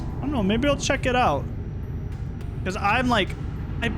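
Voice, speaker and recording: A man's voice: sits high, background noise. A young man streaming a driving game, chatting casually with viewers and reacting aloud to the road. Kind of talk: casual gameplay commentary. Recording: game music behind.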